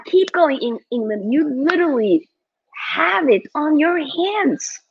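Excitable young woman streaming a match. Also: sits high, unhurried, vocal fry, slightly rough, dry recording. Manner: excitable, reads out viewer chat. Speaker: football watchalong streamer. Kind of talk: live match watchalong chat. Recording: dull lo-fi dry mic.

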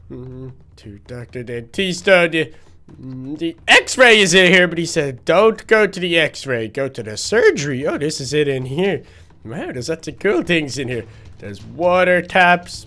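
A man voicing a cheeky, excitable young boy duckling in a Minecraft role-play, rambling and stammering. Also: on the high side.

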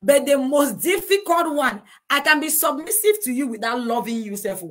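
A woman's voice: high-pitched, lively intonation, moderate pace, a bit bright. A middle-aged woman, giving earnest, preachy marriage advice full of rhetorical questions. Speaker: co-host of a couples talk show. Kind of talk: preachy advice talk to a live chat.

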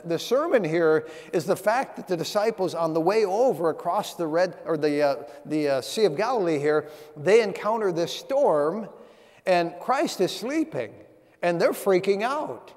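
Guy preaching in church, kinda high voice, tells little stories, big echoey hall. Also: a little mellow. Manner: storytelling preacher, reads scripture in old-fashioned phrasing. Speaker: pastor. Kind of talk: sermon. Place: church sanctuary. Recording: long church hall reverb.

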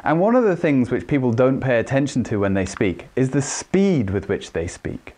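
A communication trainer gives an instructional lesson on communication skills, speaking calmly and in a measured way. Now and then he demonstrates shifts in pitch and speed.

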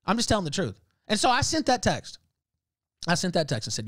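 A man's voice: sits high, wildly swooping pitch, fairly quick, a bit bright, dry recording. A man hosting a livestream, ranting in heated, profane casual talk and breaking into laughs. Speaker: livestream host.

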